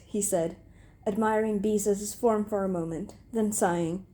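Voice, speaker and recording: A young woman reading comic fan fiction aloud, deadpan with occasional giggles. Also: mid-range voice, a little slow. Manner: breaks into giggles, deadpan delivery. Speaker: reader.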